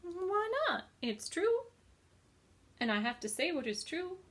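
Charlotte, a woman reading as a calm clever spider. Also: extremely high pitch, slow pace, voice pushed up, full character voice. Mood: explaining. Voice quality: thin pleasant voice. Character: female spider, calm, clever, matter-of-fact.

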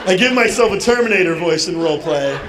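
A man's voice: high-pitched, lively intonation, quick pace. A man telling a comic story on stage, acting out chat-room lines in different voices. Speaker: stand-up comedian. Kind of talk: stand-up comedy storytelling. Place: convention hall with audience. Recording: live hall with crowd laughter. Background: audience laughter.

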